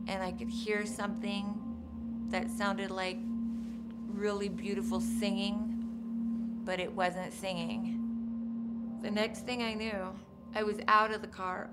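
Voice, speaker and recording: Speaking quietly and haltingly but with measured care, a crime survivor recounts her experience in a documentary interview. Her voice is of medium pitch.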